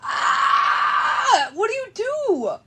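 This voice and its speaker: A woman's voice: sits high, sing-song, very slow, bright, forceful tone. A young woman livestreaming casually to her viewers, shaky and in pain, laughing nervously and swearing through it. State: trembling, in pain.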